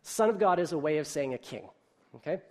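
A pastor preaching a sermon in an explanatory, conversational way, animated when he reads a children's story aloud. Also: on the high side, a little fast.

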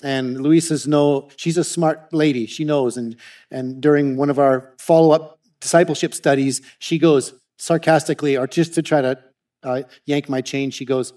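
Canadian-raised male ministry speaker, lively storyteller, somewhat high voice, restarts often. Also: moderate pace. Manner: animated storytelling with frequent restarts. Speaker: ministry speaker presenting slides. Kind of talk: testimony talk to an audience.

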